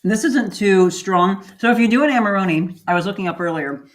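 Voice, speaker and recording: A woman's voice: medium pitch, brisk. A woman hosting a casual wine-tasting show, chatty and laughing often. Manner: chatty, laughs often, talks with food in her mouth. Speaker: show host. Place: new studio, sitting on the floor.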